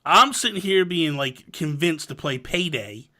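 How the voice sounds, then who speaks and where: Young male podcast host; animated storyteller, slightly high voice, mock-grumpy. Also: a little slow. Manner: animated storyteller, laughs often, mock exasperation. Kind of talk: casual gaming podcast chat.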